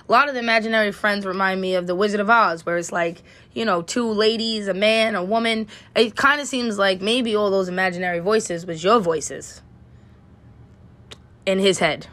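A woman's voice: medium pitch, a bit bright. A woman who hosts a podcast and has a son, ranting bluntly and profanely in a solo monologue full of rhetorical questions. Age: adult parent. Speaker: podcast host.

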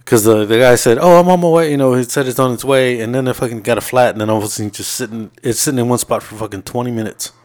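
A man's voice: mid-range voice, fast talker, hardly any pauses. A man co-hosting a podcast, telling long stories from his week in casual, profane chat and acting out what people said. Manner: profane, animated retelling with laughs. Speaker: podcast co-host.

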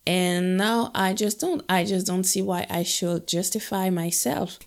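A woman's voice: mid-range voice, steady tone, a little slow, hardly any pauses. A young adult woman from Guadeloupe, talking reflectively and casually about a film with playful asides. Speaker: film discussion host.

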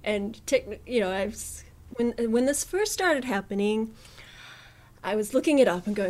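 A young woman from New Zealand talks in a casual interview, relaxed and quick to laugh. Her voice sits at an ordinary middle pitch and often trails off quietly at the ends of her thoughts. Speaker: musician guest.

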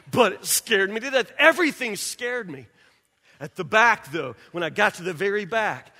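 A man preaching a sermon as pastor, telling a personal story in an animated way and acting out scenes, speaking in a church sanctuary. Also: extremely high pitch. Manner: animated storyteller, acts out scenes, drops to quiet intensity. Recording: reverberant hall.

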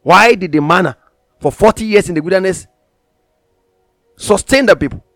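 High-voiced man preaching a sermon. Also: expressive, moderate pace, a bit bright, dry recording, clean studio sound, soft background music. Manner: emphatic, repeats phrases for stress; reads scripture aloud in old-fashioned wording.

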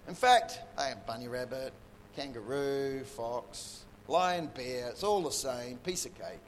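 A man's voice: medium pitch, animated, a little slow, in a large hall, slight background noise. A man preaching, telling a story playfully with lots of sound effects. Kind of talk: animated sermon storytelling.

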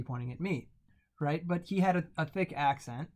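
A man's voice: a little high, normal speed. Man telling a story in casual talk. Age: late 20s to 30s. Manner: relaxed, anecdotal, uses "right?" often.

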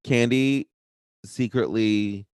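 Chatty low-voiced male podcaster. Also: slow pace, a little mellow, smooth, no echo, studio quality. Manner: chatty, gossipy, laughs often. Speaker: podcast co-host. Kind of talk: casual chat.

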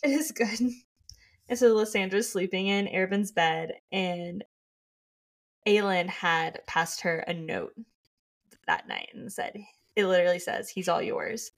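A woman's voice: on the low side, lively intonation, measured pace, vocal fry, long pauses. A young woman co-hosting a book podcast, enthusiastically discussing and reading passages aloud. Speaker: podcast co-host.

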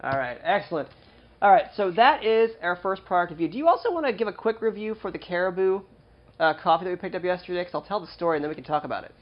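Fast-talking jokey podcast host man. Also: high-pitched, expressive, muffled recording. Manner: jokey, self-deprecating, fast promo patter. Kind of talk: casual podcast chat. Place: small studio.

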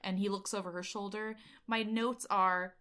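A woman's voice: medium pitch, fairly even intonation, moderate pace, sharp tone. A woman co-hosting a podcast, recapping casually from her notes with many fillers. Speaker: podcast co-host. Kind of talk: casual chat.

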